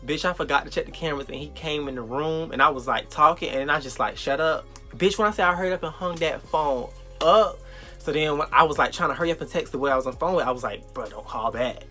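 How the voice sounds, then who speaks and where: Young male vlogger from South Florida, fairly high and bright, swearing and storytelling with slang over light music. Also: quick pace. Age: young adult. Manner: animated, profane storytelling with slang. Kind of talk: storytime vlog.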